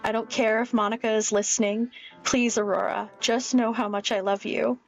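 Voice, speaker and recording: A woman's voice: fairly high pitch, little pitch movement, normal speed, close to an everyday voice. A woman reading the lines of an obsessive young woman confessing unsettling love, intense and pleading, over a dull lo-fi mic with faint music.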